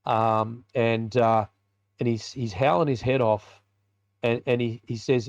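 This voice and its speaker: A man's voice: mid-range voice, fairly even intonation, a little slow, dry recording, highs cut off. Australian man telling a vivid story. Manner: colloquial, vivid storyteller acting out dialogue. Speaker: podcast guest, biker ministry leader. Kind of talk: telling a personal story in a podcast interview.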